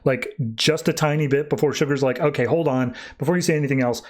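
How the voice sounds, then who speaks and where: A man hosting a podcast, recapping a comic issue in a casual, animated way with quick quoted voices. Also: on the high side. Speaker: podcast host.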